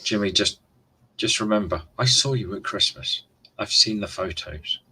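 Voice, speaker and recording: A low-voiced man hosts a casual live stream, chatting loosely to his viewers. His voice is husky yet bright and forceful, and his talk rambles with frequent restarts. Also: moderate pace, low-quality recording. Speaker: livestream host.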